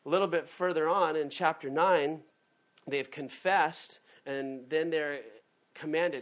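A man preaching a sermon in a lively, conversational way, often breaking off and restarting his sentences. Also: a little high, slow pace. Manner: animated, conversational, self-interrupting. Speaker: pastor.

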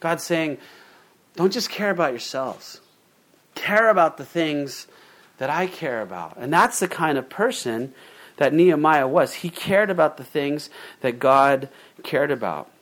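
A man's voice: on the high side, lively intonation, unhurried, a bit bright. A male pastor preaching a sermon in a conversational way, reading scripture and then retelling it in plain, casual words with fillers and restarts. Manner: reads scripture aloud, then paraphrases it informally.

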